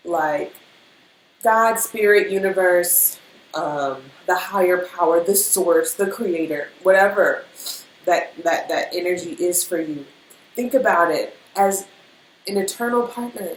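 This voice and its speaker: Woman, spiritual reader, casual and emotional motivational talk; echoey room with faint noise. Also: on the low side. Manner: emotional, animated, speaks in rhythm with many fillers.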